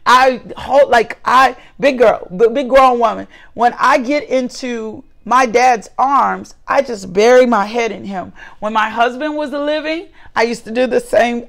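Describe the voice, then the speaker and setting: A woman's voice: fairly high pitch, a little slow, gravelly, hardly any pauses. Fervent preaching woman in her forties. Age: 40s. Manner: repeats phrases, fervent, with asides. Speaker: host and preacher. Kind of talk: devotional sermon with scripture reading.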